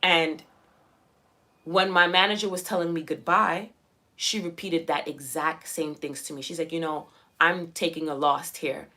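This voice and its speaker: A woman's voice: low-pitched, fairly even intonation, measured pace, sharp tone. A young woman vlogging, giving casual motivational talk to her viewers, emphatic and repeating her phrases as she quotes her own thoughts. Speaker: self-development vlogger.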